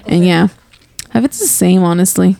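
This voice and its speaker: A woman's voice: lowish voice, normal speed, creaky, warm tone, slight background noise. A young woman guesting on a podcast, chatting frankly and in a laid-back way, with Spanish phrases mixed in. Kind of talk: casual chat.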